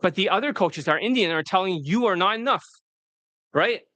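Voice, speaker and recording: A man's voice: high-pitched, expressive, a little fast, sharp tone, no room sound. A man working as a dating coach, giving a blunt, profane, rambling video lecture off the cuff.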